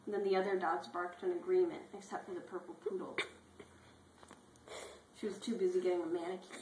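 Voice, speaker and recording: A woman reading a children's storybook as an irreverent, deadpan parody. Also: fairly low pitch, a little fast, reverberant, slight background noise, poor audio.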